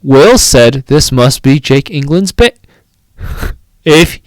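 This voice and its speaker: Slow-reading young man, lively pitch. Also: no room sound. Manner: stumbling over misspelled words, breaking into laughter. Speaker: podcast co-host reading a fan story aloud. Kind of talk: comedic dramatic reading with banter.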